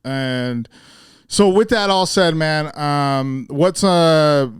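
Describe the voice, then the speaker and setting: A male podcast host leading a casual interview, relaxed and a little hesitant, with lots of fillers. His voice is smooth and resonant, recorded close and dry. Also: on the high side, extremely slow, no echo.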